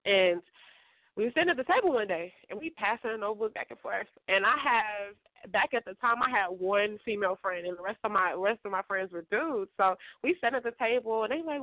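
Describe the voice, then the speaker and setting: A woman guest author telling a story in a casual, animated way, laughing and acting out what others said. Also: medium pitch, a little fast, no room sound. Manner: animated, laughing, acts out quoted voices. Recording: tinny phone line.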